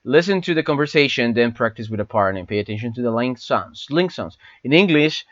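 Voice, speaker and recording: A man whose first language is Spanish teaches an English class online, going over words and phrases slowly and repeating them. His voice sits at a middle pitch and comes across dry, with a slightly dull, lo-fi sound. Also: animated, dry recording.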